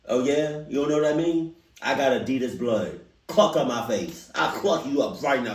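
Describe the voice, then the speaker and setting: A man's voice: mid-range voice, normal speed, far from the mic. A man hosting a reaction video, talking casually in slangy, joking rants. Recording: roomy sound, away from the mic.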